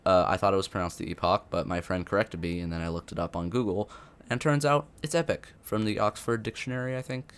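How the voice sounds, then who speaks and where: A man's voice: on the low side, steady tone, fast, clear, resonant tone. A young man giving unscripted commentary on a video game update, rambling with many fillers and restarts. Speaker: gaming youtuber.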